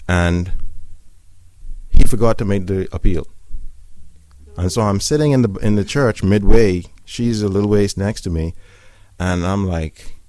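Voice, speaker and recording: A man's voice: deep voice, darkish tone, no echo. A man giving a personal church testimony, telling his story in an earnest, reflective way.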